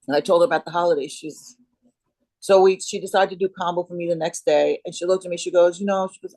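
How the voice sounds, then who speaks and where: A woman's voice: fairly low pitch, fairly even intonation, fast, dark tone, no echo, rough recording. Rambling middle-aged woman, dry sound. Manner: rambling, searching for words, many restarts. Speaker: guest, Kambo facilitator. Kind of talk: casual interview chat.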